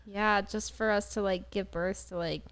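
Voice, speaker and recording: A woman's voice: medium pitch, steady tone, normal speed, a bit bright. A nineteen-year-old woman in casual podcast chat. She giggles often and readily agrees.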